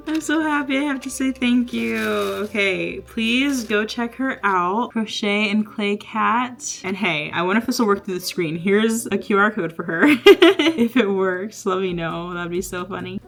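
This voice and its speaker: A woman crochet artist chatting casually to her camera in a vlog, bubbly and quick to laugh. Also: mid-range voice, a bit bright, rough recording. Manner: chatty and bubbly, laughs often, says "y'all".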